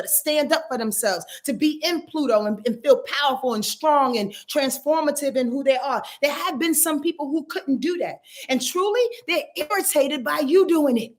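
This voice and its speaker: Emphatic, swearing woman astrologer, higher voice. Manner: emphatic, preachy, swears freely, keeps asking listeners if they follow. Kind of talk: weekly astrology forecast monologue.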